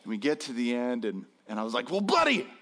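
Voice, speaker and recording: A man telling a comic personal story to an audience in an animated, self-deprecating way, acting out the dialogue in voices. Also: medium pitch, quick pace.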